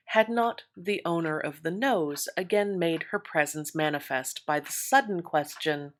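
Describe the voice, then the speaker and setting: Woman narrator, period novel, lower voice, wry lively storytelling. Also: a little hiss or hum, poor audio.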